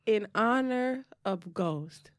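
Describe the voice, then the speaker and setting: A woman's voice: mid-range voice, lively intonation, slow, no echo, clean studio sound. Hyped woman podcast co-host. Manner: interjecting, hyped, talks over her co-host. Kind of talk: casual chat.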